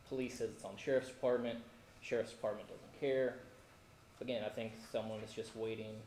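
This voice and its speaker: A man, speaking in earnest, halting public comment at a city council meeting. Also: medium pitch, a little mellow. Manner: earnest, worried, halting with fillers. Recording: echoey council chamber, faint room noise.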